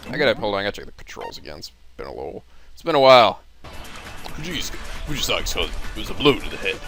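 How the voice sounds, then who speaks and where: Lively, swearing let's play guy. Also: mid-range voice, fast, faint music behind. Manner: swears casually, laughs, reads game text with dramatic flair. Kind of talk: video game commentary and dramatic text reading.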